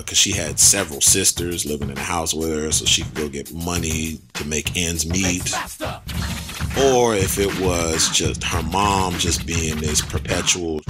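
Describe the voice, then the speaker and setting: A man with a low voice gives a casual film review in blunt street slang. He talks in an animated way, full of asides and restarts. Music plays clearly underneath.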